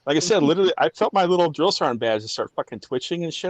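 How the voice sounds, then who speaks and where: Fast-talking, profane army veteran man. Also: on the high side, animated. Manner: profane, blunt storytelling. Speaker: army veteran and former drill sergeant. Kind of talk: casual podcast chat.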